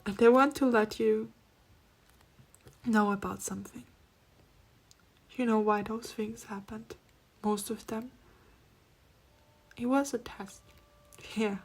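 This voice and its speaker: A woman giving a pick-a-card spiritual reading, speaking softly and often dropping to a near-whisper, then breaking into laughs. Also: on the high side, fairly even intonation, slow, long pauses, slightly rough. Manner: soft-spoken, drifting between near-whispers and laughing outbursts. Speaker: tarot reader.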